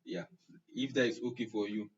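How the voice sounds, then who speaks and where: In a lowish, slightly rough voice with fairly even intonation and a fairly quick pace, a young Nigerian man teaching online chats and jokes while answering comments by name. The live stream sounds muffled and distant.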